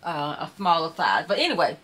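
A chatty woman with a Mississippi Southern accent, talking casually to her live-stream viewers in a bright, forceful voice. She rambles in a warm, folksy way, calling her audience "child" and "y'all". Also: low voice, big pitch swings, brisk. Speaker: YouTuber hosting a live stream.

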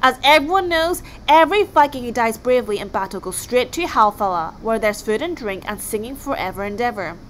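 A woman's voice: a little high, lively intonation, brisk, hardly any pauses, slight background noise, poor audio. Woman doing unhinged berserker Halfdan. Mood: gleeful. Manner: gleeful and shouting. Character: unhinged battle-hungry young male Viking.

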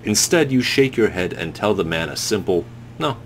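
Co-host, lively low man, reads game text aloud with a playful swing, faint hum. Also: moderate pace. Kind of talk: gameplay chat and reading aloud.

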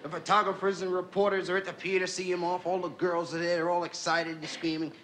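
A man telling a comic story as a stand-up comedian, animated and playful. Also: high-pitched, fast, noisy background. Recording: live TV audience, loud laughter.

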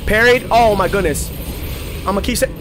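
A young man commentating his own gameplay, excitable and profane, trash-talking enemies and shouting at the screen. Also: high voice, normal speed, background noise. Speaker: gaming channel host. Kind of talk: let's play commentary. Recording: game music clearly behind the voice.

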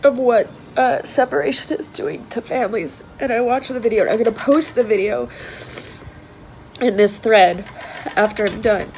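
A woman's voice: on the high side, moderate pace, creaky, darkish tone, a little hiss or hum, rough recording. A woman crying as she speaks, pleading in a video statement. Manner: pleading, voice breaking. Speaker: celebrity posting a video statement. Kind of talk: emotional online video statement.

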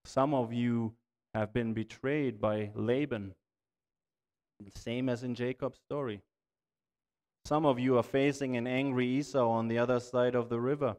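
A man's voice: mid-range voice, steady tone, measured pace, a little mellow, smooth. A man pastor with a German accent, preaching a sermon and praying in earnest, pleading tones. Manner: earnest, pleading, rising in intensity. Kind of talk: sermon and prayer. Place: church sanctuary. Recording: church hall reverb.

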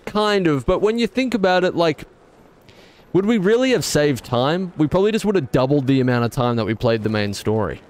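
A man's voice: fairly high pitch, very animated, brisk. A man streaming a video game, rambling and correcting himself, with exasperated outbursts. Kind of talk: casual gameplay commentary.

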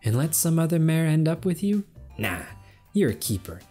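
A man's voice: fairly high pitch, sing-song, normal speed, mellow, soft background music, pitched above the performer's own voice. A man doing a teasing female kirin. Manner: teasing, sultry.

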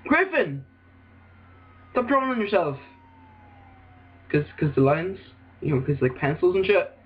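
An Irish man rambling through let's play commentary, excitable and swearing, with sudden outbursts. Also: high voice, unhurried. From Ireland. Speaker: gaming video host. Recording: dull lo-fi recording.

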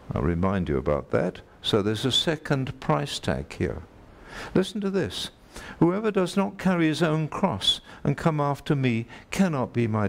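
A man's voice: medium pitch, gravelly. A man preaching a sermon to a congregation, emphatic, repeating key phrases and putting direct questions to his listeners.

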